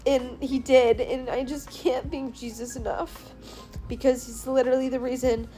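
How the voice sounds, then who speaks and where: A woman's voice: high-pitched, flat delivery, normal speed, mellow, soft background music. A tired young woman in a hotel room bed, recapping her day in a chatty, gushing vlog full of "like" fillers, recorded on a handheld phone. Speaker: powerlifter vlogger.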